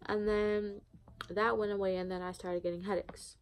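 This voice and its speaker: A woman's voice: medium pitch, flat delivery, normal speed, clean tone. A young woman telling a personal story in a casual, rambling way, with many fillers. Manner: rambling, heavy use of "like", candid. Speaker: vlogger.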